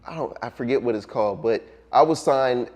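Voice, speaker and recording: A relaxed man talks as a guest on an interview show. His voice sits in a middle register, and he speaks reflectively, pausing often with ums and letting his thoughts trail off. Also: mid-range voice, muffled recording. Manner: laid-back, reflective, many ums and trailing pauses. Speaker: music producer guest. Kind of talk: casual interview conversation.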